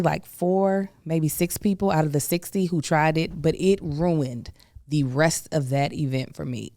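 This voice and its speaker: A woman hosting a podcast, telling a story in a casual, emphatic, animated way with folksy asides. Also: sits low, dry recording, studio quality. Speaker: podcast host.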